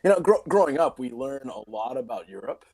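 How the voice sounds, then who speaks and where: Guy in his 40s chatting as a guest, gravelly voice, swoops around a lot, laughs at himself. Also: medium pitch, expressive, a little fast, a crowd in the background. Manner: laughing, self-deprecating. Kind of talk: casual chat.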